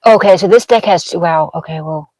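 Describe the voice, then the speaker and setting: A woman's voice: on the low side, fairly quick, mellow, soft background music, poor audio. A woman doing a tarot card reading, rambling from card to card and checking in with "okay?" as she makes dramatic intuitive pronouncements. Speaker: tarot reader.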